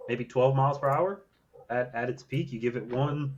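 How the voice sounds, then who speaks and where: A man's voice: medium pitch, normal speed, lo-fi sound. A man co-hosting a podcast, telling a trip story in a laid-back, casual way with the odd swear word. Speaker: podcast co-host. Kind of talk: casual chat.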